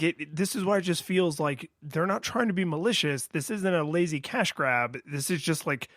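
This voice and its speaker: A man with a voice a touch higher than most talks through a retro game review. He rambles, stops to restart his thoughts, and sprinkles in fillers. It sounds close-miked and dry, with no room sound. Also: no room sound. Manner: rambling, lots of fillers and restarts, acts out his own past excitement. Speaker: podcast co-host.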